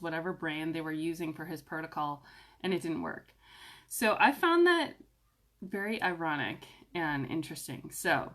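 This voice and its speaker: A woman talking casually to camera in a vlog, chatty and upbeat, with filler ums and lively swings in pitch. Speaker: essential oils vlogger.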